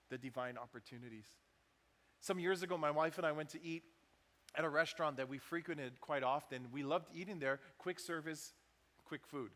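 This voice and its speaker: Bright-voiced male preacher in a reverberant hall. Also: sits high. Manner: conversational preaching with acted-out quotes. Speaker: pastor. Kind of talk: sermon. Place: church sanctuary.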